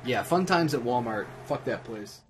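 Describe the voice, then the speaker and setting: A man's voice: medium pitch, expressive, moderate pace, faint music behind. A drunk man livestreaming at home, telling a profane, rambling story in a casual way, with many restarts. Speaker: livestream host. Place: at home while gaming.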